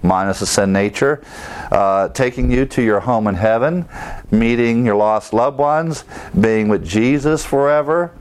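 A man's voice: mid-range voice, clean tone. A male preacher teaching through Bible verses, explaining them and asking his listeners rhetorical questions. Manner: explains verse by verse, often pausing to restart.

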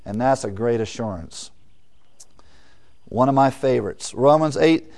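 Man, preacher, mid-pitched voice, emphatic sermon delivery with rhetorical questions and quiet asides. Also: animated, moderate pace, creaky. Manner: emphatic, swings between loud stresses and quiet asides; asks the audience questions and answers them. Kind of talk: sermon, verse-by-verse teaching.

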